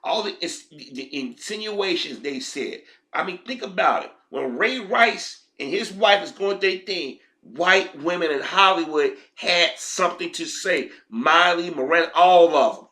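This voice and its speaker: A man rants through his own commentary in a heated, emphatic and profane way. His voice sits fairly high for a man and comes out forceful and tense. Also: expressive, measured pace. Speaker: vlogger. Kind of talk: ranting commentary.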